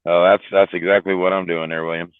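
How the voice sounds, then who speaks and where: A man's voice: low voice, flat delivery, fast, clear, resonant tone, no echo. A worn-out man hosting a casual livestream chat, rambling and joking with a laugh. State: tired, worn out. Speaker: livestream host. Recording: tinny phone-like livestream audio.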